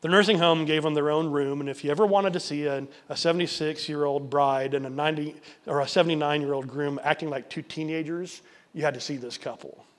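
A male pastor preaching a sermon, telling a story earnestly, sometimes dropping to a soft near-whisper and repeating words for emphasis. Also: a little high, fairly even intonation, fairly quick.

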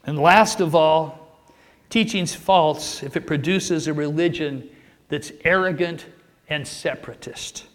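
A man with a high voice delivers a sermon, pushing his voice up and then letting it fall to drive each point home. His delivery is emphatic and earnest, the rhythm of a preacher at the pulpit. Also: fairly bright tone. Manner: emphatic, rising and falling for emphasis, acts out a joke with raised pitch.

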